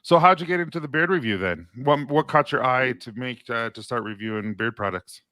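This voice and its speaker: A man hosts a relaxed interview in a bright, forceful voice. He asks short, easygoing questions and chuckles along with his guest. The sound is close and dry, with no room around it. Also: medium pitch, a little fast, dry recording. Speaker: host, interviewer. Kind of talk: casual interview chat.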